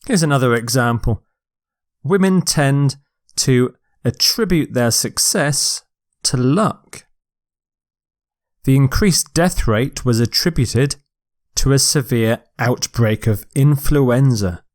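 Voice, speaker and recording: A man teaching a recorded vocabulary lecture, speaking slowly and deliberately and stressing syllables clearly. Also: medium pitch. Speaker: English teacher.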